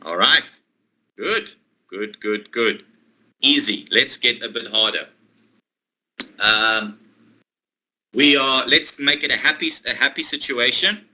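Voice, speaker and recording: A man teaching English one-to-one, explaining a role-play exercise patiently, step by step, with pauses. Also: mid-range voice, sharp tone, rough recording. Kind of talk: online one-to-one English lesson.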